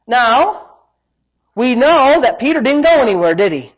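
A man's voice: extremely high pitch, big pitch swings, a little slow. A man pastor preaching a sermon in an emphatic, exclamatory way.

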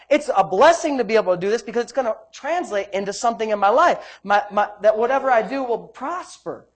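Guy preaching hard, fervent pastor, keeps shouting praise god. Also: sits high, animated, fairly quick, hardly any pauses. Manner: fervent, exclaiming praise and hallelujahs. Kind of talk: sermon.

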